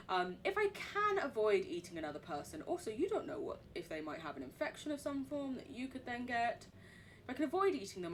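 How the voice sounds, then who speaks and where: A woman's voice: on the high side, slight background noise. A young woman with an English accent, streaming a game live, reading notes aloud and chatting in a rambling way, swearing casually and laughing often.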